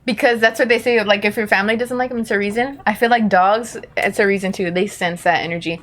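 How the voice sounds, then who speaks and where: A woman's voice: mid-range voice, fairly even intonation, fast talker. A young woman co-hosting a podcast in casual chat, slangy and playful, laughing often. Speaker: podcast co-host.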